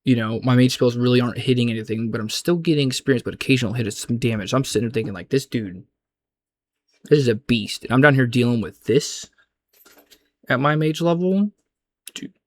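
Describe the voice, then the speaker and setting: Young man, gaming vlogger, casual rambling chat, slangy, mid-pitched voice. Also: fast talker. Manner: loose, slangy, rambling with frequent restarts.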